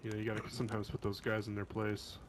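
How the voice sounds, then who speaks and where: A man in roleplay chat inside a survival game, calm and steady as he passes on warnings. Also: on the low side, fast, noisy background.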